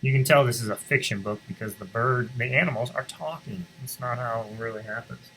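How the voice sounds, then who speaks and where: A man's voice: medium pitch, a little hiss or hum, poor audio. A man reading a picture book aloud to schoolchildren and stopping to explain things to them. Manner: expressive storybook reading, pauses to explain to students. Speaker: school reader on morning announcements.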